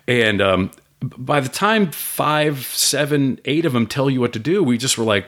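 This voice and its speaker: Animated man telling a story. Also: mid-range voice, normal speed. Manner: animated storyteller, swears, acts out voices. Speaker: guest, food business owner. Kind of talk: casual storytelling.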